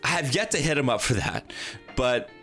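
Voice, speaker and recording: Male stream host, loose and talkative, middle pitch, soft music under him. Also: very animated, normal speed. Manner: rambling and chatty, acts out quotes and greets the chat. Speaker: livestream host. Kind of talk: casual livestream interview chat.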